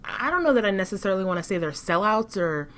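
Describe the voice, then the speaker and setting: A woman co-hosting a casual commentary chat, speaking in a thoughtful, measured way. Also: mid-range voice, big pitch swings, a bit bright. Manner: thoughtful, measured, some restarts. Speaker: co-host.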